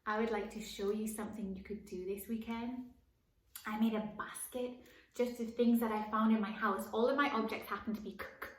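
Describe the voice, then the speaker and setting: A woman teaching young children at circle time, gently encouraging them and slowly singing and counting along. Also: mid-range voice, steady tone. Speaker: preschool teacher. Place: home room, live stream. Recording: echoey room.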